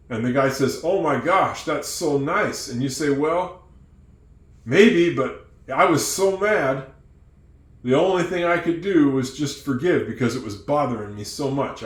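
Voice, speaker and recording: A man teaching English tells a moral story to his students, acting out each character as he goes. His voice sits at an ordinary middle pitch. The room around him is noticeably echoey. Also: moderate pace. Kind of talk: storytelling lesson.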